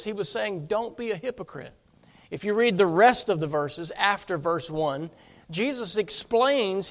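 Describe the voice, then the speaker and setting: A man preaching a sermon as pastor, emphatic, often asking his congregation rhetorical questions. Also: sits high.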